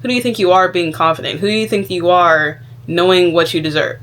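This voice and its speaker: A woman voicing her own middle-aged mother, who quickly and dismissively belittles her. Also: on the low side, a bit bright, natural voice. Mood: scornful.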